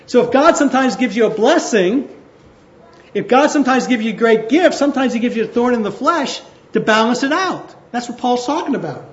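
A male pastor with a fairly high voice preaches in a relaxed, conversational way, often drawing words out slowly for emphasis. He is recorded in an echoey church hall. The sound is slightly dull and lo-fi. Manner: conversational, with slowed emphatic phrases. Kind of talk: sermon.

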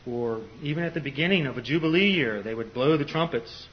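A man's voice: medium pitch, a little fast. Older man giving a loose Bible talk. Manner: conversational, many "you know" fillers and restarts. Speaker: preacher. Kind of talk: informal Bible teaching. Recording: slightly dull lo-fi recording.

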